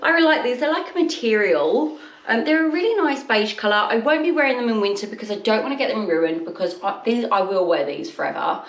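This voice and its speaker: A woman chatting casually in a haul vlog, rambling with quick asides. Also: a little high, animated, distant mic. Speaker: haul vlogger. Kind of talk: casual chat. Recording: echoey room, mic set back.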